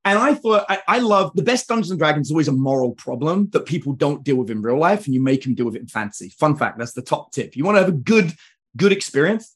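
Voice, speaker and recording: A man's voice: a little high, animated, fast talker, slightly rough. A man speaking as a podcast guest, telling rambling stories with frequent restarts. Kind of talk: casual storytelling.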